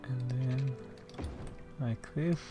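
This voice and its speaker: A let's-play commentator thinking aloud while building in a game, muttering to themself and sometimes dropping to a soft near-whisper. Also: medium pitch, steady tone, very slow, over music. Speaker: gameplay commentator.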